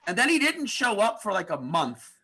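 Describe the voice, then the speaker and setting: A man who is a guest comedian on a podcast, telling animated stories and acting out the people in them. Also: high-pitched, normal speed, breathy edge. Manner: animated storyteller, acts out the people he describes. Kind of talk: podcast chat.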